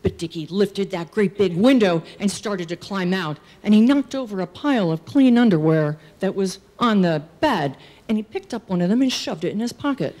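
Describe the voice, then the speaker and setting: A middle-aged woman performing a personal story on stage, acting out characters' shouts. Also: medium pitch, normal speed, few pauses. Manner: animated, acts out characters' shouts. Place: stage at a live storytelling show.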